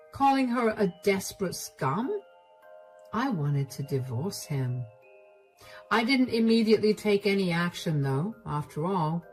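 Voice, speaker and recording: Young woman narrating a first-person story. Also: fairly low pitch. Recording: faint music underneath.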